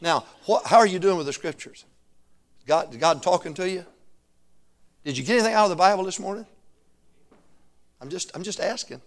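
A man's voice: sits high, normal speed, pauses often. A middle-aged man preaching a sermon, telling stories, laughing often and calling for answers from the congregation. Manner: animated, calls for answers from the congregation.

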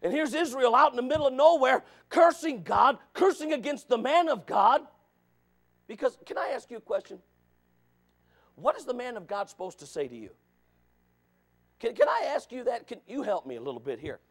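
A man preaching a sermon, asking the congregation questions and calling for amens, dropping to low asides and rising to shouted points. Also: big pitch swings, normal speed, pauses often. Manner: preaching with rhetorical questions and calls of amen.

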